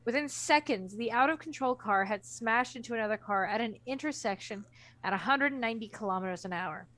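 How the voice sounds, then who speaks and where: Give me a woman with a high-pitched voice reading a strange news item. She co-hosts a loose chat show and delivers the story in a plain, matter-of-fact way. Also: a little fast, a bit bright. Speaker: co-host reading news stories.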